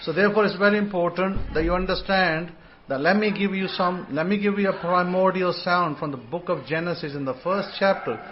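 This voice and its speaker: A man leads an informal online scripture lesson, drifting between thoughts and repeating himself as he goes. He sometimes slows down to sound out single syllables one by one. His voice sits a little high and comes through a dull, lo-fi connection. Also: a little hiss or hum. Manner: rambling, repeats words, sounds out syllables slowly. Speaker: host and religious teacher.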